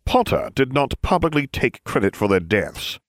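A man's voice: mid-range voice, big pitch swings, normal speed, no room sound, studio quality, voice pushed up, lightly acted. A man voicing a cold, sardonic middle-aged schoolmaster who drawls, in an audiobook reading. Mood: sneering.

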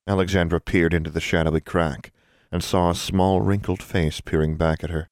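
A man narrating an audiobook in a steady, even storytelling voice. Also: sits low, moderate pace, dry recording, studio quality.

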